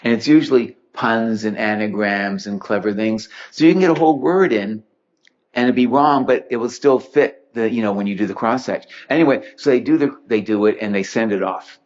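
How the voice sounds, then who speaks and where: Male speaker, low voice, witty anecdotal talk, muffled lo-fi recording. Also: fairly quick. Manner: witty, chuckling storyteller acting out quotes. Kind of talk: humorous anecdotal storytelling talk. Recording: dull lo-fi recording.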